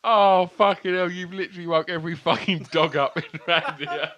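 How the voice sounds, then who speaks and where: A man's voice: fairly high pitch, level tone, moderate pace, a bit bright, muffled recording, a little hiss or hum. A man co-hosting a podcast, sweary and laughing in loose casual chat, a bit tipsy from lager. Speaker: podcast co-host.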